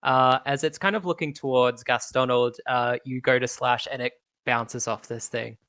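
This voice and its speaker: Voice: mid-range voice, steady tone, moderate pace, fairly bright tone, dry recording. A game master narrating a tabletop game in a laid-back, hesitant way with many ums.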